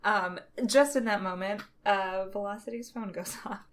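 A young woman co-hosting a casual podcast, chatting about comics with bubbling enthusiasm. She laughs often and gushes over favorite moments, her voice sitting at an ordinary middle pitch. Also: normal speed. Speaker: podcast co-host.

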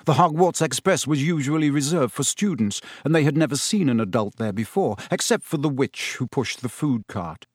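A man narrating an audiobook chapter in an expressive storytelling voice. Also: mid-range voice, normal speed, few pauses, breathy edge, no echo, studio quality.

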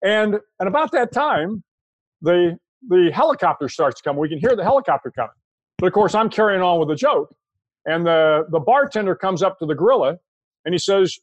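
An older American man, a guest in an interview, telling a long anecdote in a relaxed, conversational way with frequent restarts. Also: high-pitched, brisk, dry recording, dull audio. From United States. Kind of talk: storytelling anecdote.

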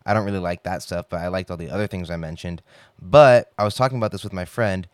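Deep-voiced young man ranting casually. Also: fast talker, dry recording, studio quality. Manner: rambling, profane, heavy on filler "like". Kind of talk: casual monologue.

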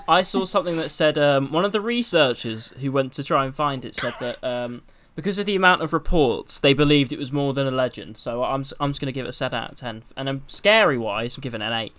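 A man's voice: mid-range voice, fast talker, few pauses, fairly bright tone. A young man co-hosting a podcast, chatting casually and giggling, his sentences trailing off into mumbles. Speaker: podcast co-host. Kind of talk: casual chat.

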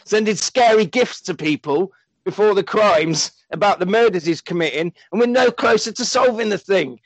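A man's voice: sits high, normal speed, dry recording, pitched above the performer's own voice, rough recording. A man voicing a stressed, exasperated male police chief on a comedy film-recap podcast. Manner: exasperated, pleading.

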